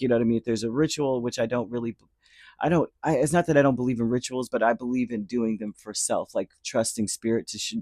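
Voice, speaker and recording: A man's voice: mid-range voice, darkish tone, dry recording. A man giving a casual spoken tarot reading. He rambles and restarts his words often. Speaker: tarot reader.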